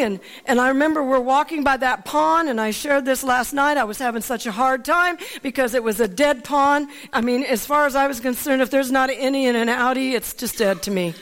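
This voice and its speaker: A woman from Alaska preaching in a storytelling sermon, animated and laughing often as she asks her listeners for an amen. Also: high-pitched, normal speed.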